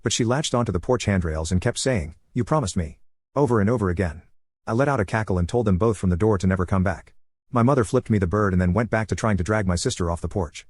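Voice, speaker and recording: A man reading a first-person online story aloud in a brisk, even storytelling manner, close to the mic in a dry booth. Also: fairly low pitch, no echo.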